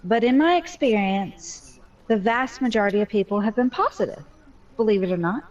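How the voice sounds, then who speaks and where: A woman's voice: on the high side, animated, moderate pace, muffled recording. A mother telling her story in a casual voice chat, candid and talkative with a joking streak.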